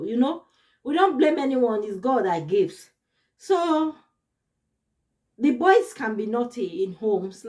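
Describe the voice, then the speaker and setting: A young adult woman, a YouTube vlogger, casually tells her viewers a personal story, laughing often and repeating words for emphasis. Her voice is fairly high-pitched with a darkish tone.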